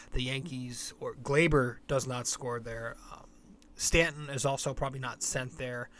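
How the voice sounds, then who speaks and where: A man's voice: mid-range voice, a bit bright, a little hiss or hum. A young man hosting a sports podcast, talking casually and bluntly, rambling and swearing freely. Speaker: podcast host.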